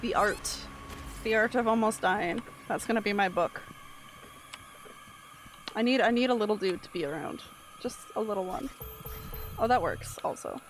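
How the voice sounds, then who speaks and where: A woman streamer giving live gameplay commentary, excitable, yelping and talking to herself as she plays. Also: medium pitch, normal speed, long pauses, soft background music. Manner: excitable, yelps and talks to herself while playing. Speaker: game streamer. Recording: steady background noise.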